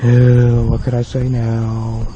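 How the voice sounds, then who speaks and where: A man's voice: mid-range voice, monotone, slow, dark tone, a little hiss or hum. A young man rambling through an unscripted apology vlog to his viewers, repeating himself and sounding remorseful. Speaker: video creator apologizing to viewers. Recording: dull lo-fi home video with faint crickets.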